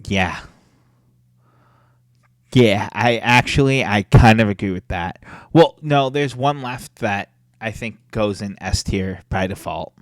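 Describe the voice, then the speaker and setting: A young man chats casually on a podcast, animated and opinionated and quick to swear. His voice sits a little low. The close mic gives a dry sound with no room echo. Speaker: podcast co-host. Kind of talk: casual chat.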